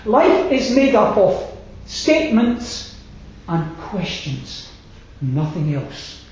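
A man preaching a sermon, slow and emphatic, letting his phrases fall away to a hush. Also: high voice, big pitch swings, slight background noise. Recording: very echoey hall, slightly dull sound.

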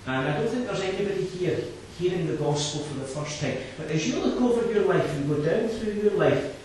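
At a brisk pace, a fairly high-voiced preacher delivers an expressive sermon, dropping quiet and low and then climbing to loud, fervent repetitions. The mic seems far from him, the hall echoes heavily, and a faint noise sits underneath.

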